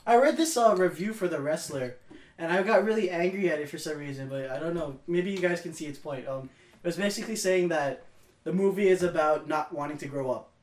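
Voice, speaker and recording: A man's voice: on the high side, fairly quick, echoey room. A man in casual chat about movies and games, rambling with restarts and acting out quotes.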